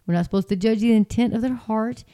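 A woman's voice: fairly high pitch, quick pace, dark tone. A woman talking in a casual, rambling way, full of fillers and restarts, sounding exasperated and incredulous. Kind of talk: casual commentary.

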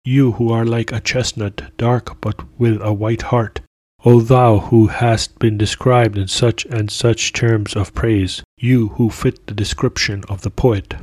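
A man's voice: mid-range voice, little pitch movement, measured pace, darkish tone, slightly rough, no room sound. A man voicing a tearful middle-aged cook who pleads in archaic courtly speech. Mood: pleading.

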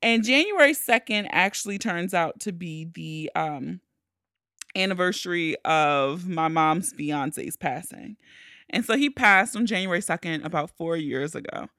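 A young woman tells a story on her podcast with a lively voice that swings widely in pitch. Her tone is bright and sharp, and she curses casually and jumps into high shrieks when she acts out panic. The sound is dry and close, with no room around it. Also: measured pace, clear, resonant tone, no room sound. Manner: animated, profane, shrieks when acting out panic. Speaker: podcast host.

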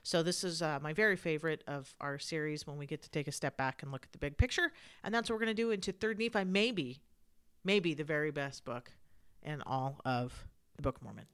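A woman's voice: sits low, a little fast, fairly bright tone, clean tone. Woman, podcast host, sleepy voice, chatty, repeats words, close mic. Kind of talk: casual scripture study podcast.

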